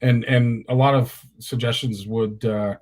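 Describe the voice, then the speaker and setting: A man's voice: mid-range voice, steady tone, unhurried, a little mellow. A middle-aged man, hosting a fishing talk show and telling rambling anecdotes with lots of restarts. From Canada. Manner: rambling storyteller with many restarts. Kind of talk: casual chat, telling anecdotes.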